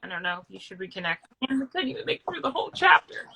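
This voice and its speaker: A woman's voice: mid-range voice, sing-song, fast talker, gravelly, pushed and bright, slightly rough, poor audio. A woman casually chatting on a video call, talking loosely with lots of "I think" and "like". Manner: chatty, says "like" and "I think" a lot. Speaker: co-host of a live reading. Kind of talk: casual chat.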